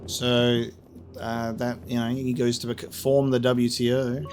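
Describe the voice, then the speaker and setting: A man's voice: mid-range voice, little pitch movement, unhurried, darkish tone, a little hiss or hum. A man giving casual, jokey, rambling commentary while playing a game. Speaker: let's play host.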